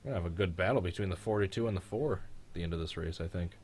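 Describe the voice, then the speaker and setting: A man's voice: low-pitched, very fast, darkish tone, a little hiss or hum. A man hosting a live race reaction with friends, congested and sick, his voice cracking, chatty and teasing as he rambles through old races. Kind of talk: casual live commentary with friends.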